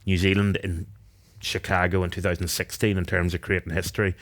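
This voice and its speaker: A man's voice: deep voice, flat delivery, a little fast, fairly bright tone. A man in his thirties from Northern Ireland with a Northern Irish accent, answering interview questions thoughtfully with frequent restarts. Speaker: guest, retired rugby captain.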